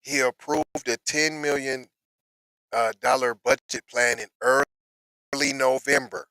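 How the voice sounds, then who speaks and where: A man reads news aloud and riffs on it in loose, slangy commentary. His voice is bright and forceful, his delivery unhurried but prone to excited bursts. He is recorded on a close mic in a dry, deadened room. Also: medium pitch, smooth, dry recording, poor audio. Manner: animated, slangy, breaks into excited outbursts. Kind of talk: casual reaction commentary.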